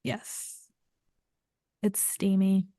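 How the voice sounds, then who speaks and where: A woman's voice: mid-range voice, little pitch movement, very slow, mellow, no room sound, studio quality. A woman co-hosting a book podcast, talking in a laid-back, chatty way. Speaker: podcast co-host. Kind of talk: casual book chat.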